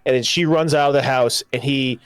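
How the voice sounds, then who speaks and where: A man co-hosting a casual podcast, retelling a movie in an animated, rambling way. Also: medium pitch, brisk, clean tone, no room sound, soft background music. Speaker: podcast co-host. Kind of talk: casual movie review chat.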